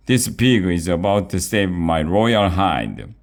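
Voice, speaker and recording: A man's voice: sits low, lively intonation, slow, exaggerated voice. A man reading aloud, voicing a blustering, commanding king in a children's story.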